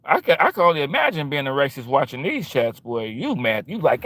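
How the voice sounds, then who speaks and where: A man's voice: fairly high pitch, very animated, a little fast, a bit bright, no echo. A man hosting a livestream, talking back to his chat in a confrontational, repetitive and slangy way. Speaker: livestream host.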